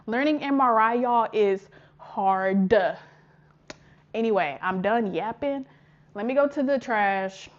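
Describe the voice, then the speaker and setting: Young woman vlogging to her phone, chatty and expressive, bit high voice, muffled lo-fi audio. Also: slow. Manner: chatty, expressive, heartfelt, with lots of "y'all", "child" and "honey". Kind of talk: casual vlog chat to camera.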